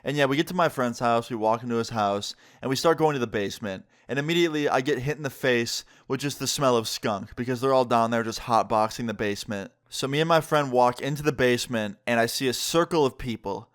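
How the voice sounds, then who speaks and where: A man's voice: medium pitch, brisk, hardly any pauses. Young guy doing a storytime vlog, regular mid voice, chatty and hyped, says like a lot. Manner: casual, excitable retelling with frequent "like". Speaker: vlogger.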